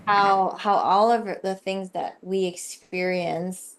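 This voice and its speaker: A woman's voice: mid-range voice, steady tone, slow pace, background noise. A woman hosting a podcast interview, reflective and a little hesitant in casual talk. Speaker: podcast host.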